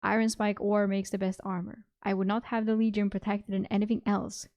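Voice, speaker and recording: A woman reading aloud, voicing a gruff, blunt middle-aged male warlord of common birth with curt, growling lines. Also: mid-range voice, flat delivery, a little fast, a little mellow, dry recording, muffled recording, lightly acted.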